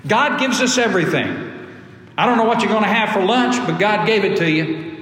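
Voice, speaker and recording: A man's voice: high voice, lively intonation, normal speed, fairly bright tone. A man preaching a sermon to his congregation, emphatic and repeating key phrases. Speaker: pastor. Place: church sanctuary. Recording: echoey hall.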